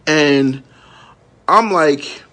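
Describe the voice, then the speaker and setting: Very slowly and forcefully, in a slightly high, bright voice, a minister and entrepreneur in his thirties gives a candid, emotional live-stream monologue. He swears freely and often checks in with listeners, repeating "you know what I'm saying" a lot.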